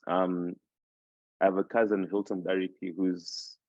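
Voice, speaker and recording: Speaking at a measured pace with a low, flat, darkish voice, a Zimbabwean podcast host in his twenties, a native Shona speaker, reflects on his life as a casual interview guest. He rambles and restarts his sentences, recorded dull and dry with no room sound.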